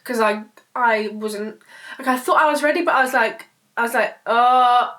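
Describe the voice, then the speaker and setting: A woman's voice: on the high side, moderate pace, sharp tone. A woman, telling a personal story to camera in a rambling, emotional way, swearing freely. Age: 20s. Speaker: vlogger. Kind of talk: casual storytelling vlog.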